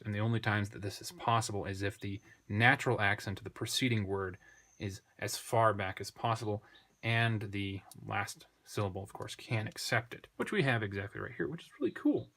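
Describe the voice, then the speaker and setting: A man with a fairly low voice talks through a language lesson at an unhurried pace. He thinks aloud, pauses over his words and corrects himself now and then. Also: a bit bright. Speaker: Greek tutor. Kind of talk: unscripted screen lesson.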